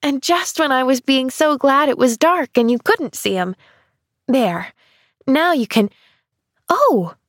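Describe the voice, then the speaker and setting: A woman's voice: high voice, animated, normal speed, few pauses, a bit bright, no room sound, studio quality, pitched above the performer's own voice. A woman voicing a cheerful, eager little girl who gushes breathlessly in a storybook reading. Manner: gushing, breathless and exclamatory.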